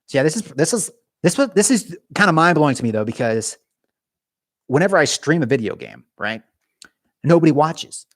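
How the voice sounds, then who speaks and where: A man's voice: on the high side, big pitch swings, moderate pace, pauses often, no room sound, clean studio sound. A young man hosting a casual live stream, chatting animatedly with viewers and often restarting his sentences. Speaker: YouTube gaming channel host.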